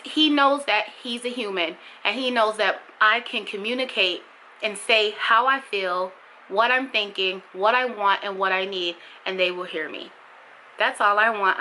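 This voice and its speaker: A young woman speaks straight to camera in an impassioned, emphatic vlog, her voice bright and forward. She leans on repetition to drive points home, with a faint hum of room noise behind her. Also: rough recording. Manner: bursts high and loud when mimicking others. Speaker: vlogger. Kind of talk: candid vlog monologue.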